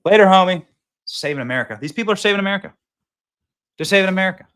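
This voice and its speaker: Bright-voiced guy hosting a live stream, rambly and hyped, keeps restarting sentences. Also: high voice, rapid-fire, clean tone. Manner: excitable, rambling, lots of restarts and filler. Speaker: host. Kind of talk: casual live stream chat. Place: small cabin booth at an event.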